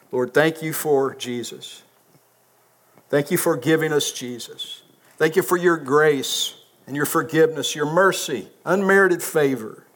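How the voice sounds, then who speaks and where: A man preaching a sermon as a pastor, emphatic, swinging from loud peaks to quiet asides. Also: medium pitch. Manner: emphatic, rising to loud peaks then dropping soft. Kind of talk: sermon with closing prayer.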